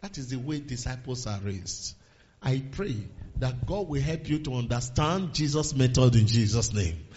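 A man preaching a sermon, swinging from low murmurs to raised exhortations and quoting scripture in old-fashioned phrasing. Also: expressive, moderate pace, darkish tone, muffled recording, a little hiss or hum. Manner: quotes scripture in King James phrasing.

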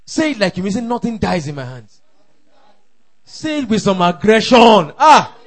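A man preaching a sermon, emphatic and repetitive, calling out declarations and shouting at the peaks. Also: high voice, very animated, moderate pace. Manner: emphatic, repeats lines for the crowd to echo, shouts at peaks. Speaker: pastor.

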